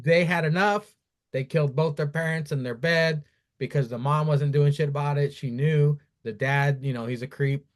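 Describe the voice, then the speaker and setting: Low-key man chatting on a dry mic. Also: fairly even intonation, moderate pace, no room sound. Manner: matter-of-fact, low-key recounting. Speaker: podcast host. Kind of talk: casual chat.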